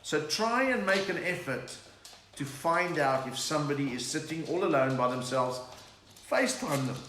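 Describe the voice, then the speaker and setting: Fairly high-pitched, bright, and forceful, a middle-aged South African man jokes around and talks with viewers on a home livestream at a moderate pace. He's animated and chatty, breaking into laughing song bits, with echo and faint hiss in the room.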